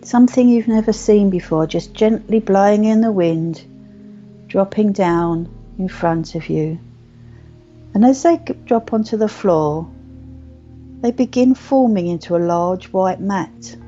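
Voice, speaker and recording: A woman leading a guided meditation in slow, soothing, repetitive phrases. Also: mid-range voice, dark tone. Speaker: meditation teacher. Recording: muffled lo-fi recording with faint music.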